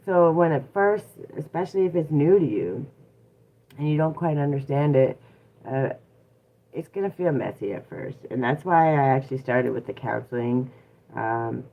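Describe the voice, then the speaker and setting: A personal growth coach giving a casual live-streamed teaching talk, earnest and repetitive, with lots of fillers and asides to viewers. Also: medium pitch. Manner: earnest, repeats points, many fillers, chats with viewers. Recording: tinny phone-like sound.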